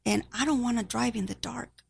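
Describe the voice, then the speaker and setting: A woman shares a personal testimony before an audience, her voice fairly high and edged with a gravelly fry. She speaks haltingly and with deep emotion, at times sinking almost to a whisper. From Spanish-speaking background. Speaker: nurse.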